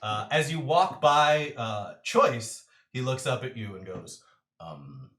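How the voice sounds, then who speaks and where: Animated game master who narrates full of fillers; echoey room. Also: male voice, mid-range voice, unhurried.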